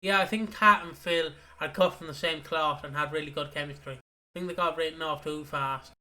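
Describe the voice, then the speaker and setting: Sick-voiced man, bright and high. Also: a little fast. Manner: jokey, rambling, sweary. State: sick, slightly hoarse. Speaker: podcast co-host. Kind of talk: casual podcast chat.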